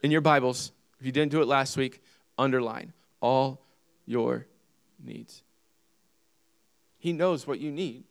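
A male pastor preaches a sermon briskly in a smooth, medium-pitched voice, reading scripture. He drives his points home emphatically, repeating key phrases and asking the congregation questions.

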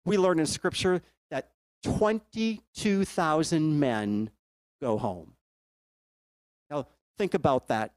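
A man preaches a storytelling sermon and often asks his listeners to think along. His voice sits fairly high for a man. The sound is dry and close, with no room echo. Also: slow, long pauses.

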